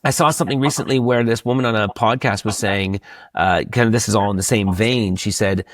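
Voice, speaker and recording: Man, podcast host, lowish voice, dry close sound, animated storytelling. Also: a little fast, no echo. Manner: animated storyteller, rising in pitch when moved. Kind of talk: casual interview chat.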